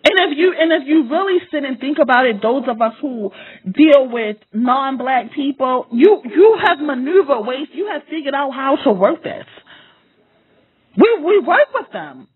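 A woman's voice: high voice, animated, normal speed. A woman giving an impassioned, profane monologue straight to her listeners, repeating lines for emphasis. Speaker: vlogger. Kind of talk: impassioned direct-to-camera monologue. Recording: tinny phone-like sound.

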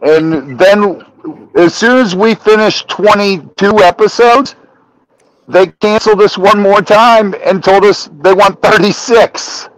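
A man on a podcast telling a story in casual, animated talk, swearing often and acting out the dialogue. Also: high-pitched, slow, dry recording, rough recording. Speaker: podcast guest.

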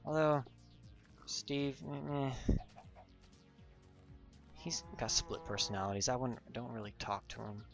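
A man's voice: mid-range voice, a little slow, vocal fry, long pauses, over music. A young man giving goofy, rambling gameplay commentary as a gaming channel host, joking and losing his train of thought.

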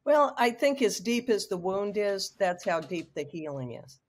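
A woman's voice: medium pitch, very animated, moderate pace. A woman in her sixties telling a personal story frankly and with emotion as a guest on a video call. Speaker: guest author.

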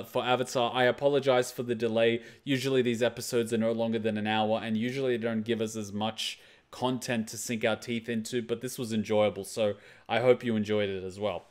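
Guy doing a casual reaction vid, earnest, mid-pitched voice, repeats himself a lot. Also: fairly even intonation, brisk. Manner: earnest, listing praise in short repeated phrases. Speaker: reaction video host.

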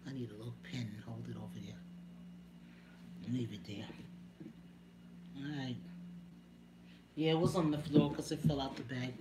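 Her voice is a rumbling low with a steady tone, moving at a moderate pace with long pauses. She's a chatty home live streamer who calls her viewers by name and laughs between remarks, over a clear hiss of background noise.

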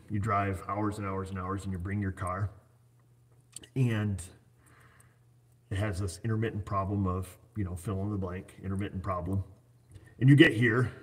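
A man who owns an auto repair shop, talking casually in a rambling, joking way and walking through hypothetical examples. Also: fairly low pitch. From United States. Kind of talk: casual chat.

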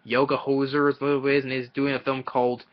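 A man giving a casual, rambling film review, halting often and restarting his sentences. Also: medium pitch, flat delivery. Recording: dull lo-fi audio.

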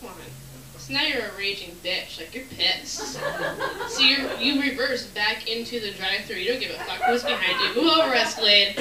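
Animated woman doing stand-up comedy. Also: a little high, moderate pace. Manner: animated, crowd work, acts out bits. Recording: echoey room from far off, noisy.

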